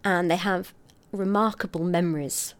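A middle-aged woman, a scientist explaining her research in an interview, articulate and expressive. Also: fairly low pitch, normal speed. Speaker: scientist guest.

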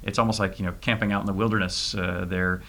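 A low-pitched man with a bright, forceful tone, answering questions in an interview. He is middle-aged and speaks haltingly, filling gaps with "uh" and "you know" and restarting his sentences. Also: flat delivery, slight background noise. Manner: halting, many fillers and restarts. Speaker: interview guest, private spaceflight trainee.

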